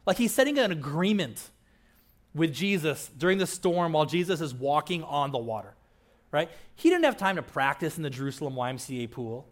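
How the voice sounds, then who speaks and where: A man's voice: a little high, big pitch swings, brisk. A man pastor giving a conversational sermon, with casual asides and frequent "right?" checks to the listeners.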